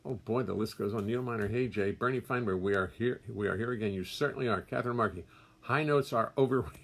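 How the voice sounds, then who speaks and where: An older man with a lowish voice and vocal fry talks fast while hosting an easygoing livestream in his music studio. Chatty and warm, he reads out viewers' names and greets them with wry, self-deprecating jokes.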